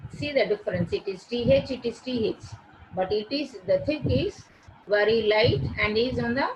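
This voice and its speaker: A woman gives a recorded pronunciation lesson, sounding out each word slowly and carefully. Her pitch sits in a middle range for a woman. A steady hiss and scattered clicks run under the recording. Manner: slow, deliberate, repeating words and sounds one by one. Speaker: English phonetics teacher.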